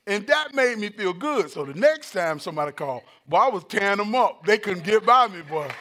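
A male preacher with a high, bright-pitched voice works through a sermon. He tells stories with laughter and acts out the quotes. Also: brisk. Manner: animated, laughing storyteller who acts out quotes. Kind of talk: sermon with personal storytelling.

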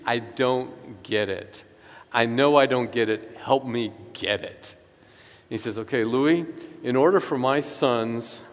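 A man preaching a sermon in an earnest, emphatic way, slowing down to stress key phrases. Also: mid-range voice. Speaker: pastor. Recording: echoey hall reverb.

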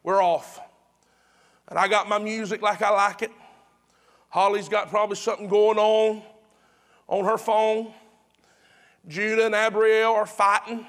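A man's voice: high voice, little pitch movement, unhurried, long pauses, fairly bright tone. A pastor preaching to his congregation in a chatty, repetitive way, with emphatic restarts. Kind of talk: sermon.

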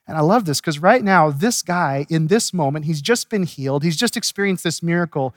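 High-voiced man preaching a sermon. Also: brisk, dry recording, clean studio sound. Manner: lively storytelling, chuckling at the text. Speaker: pastor. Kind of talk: expository sermon.

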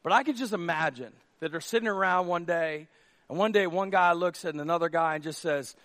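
A male pastor preaching a sermon from a church stage, with a conversational manner that moves from a hush to near shouts. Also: fairly high pitch, a little fast. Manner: conversational, drops to a hush for acted dialogue, then rises to near shouts.

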